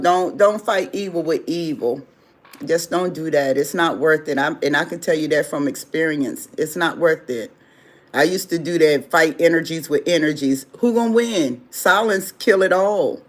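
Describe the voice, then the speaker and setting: Rambling motivational livestream host. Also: mid-range voice. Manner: loose, rambling motivational advice in everyday speech; repeats phrases for emphasis. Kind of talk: casual livestream talk answering viewer chat.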